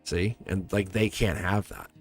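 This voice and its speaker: Guy doing tarot on a livestream, kinda low voice, rambles and repeats himself, emotional, music faint behind. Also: fairly even intonation, a little slow. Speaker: tarot reader streaming live. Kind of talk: live-stream tarot reading to chat viewers.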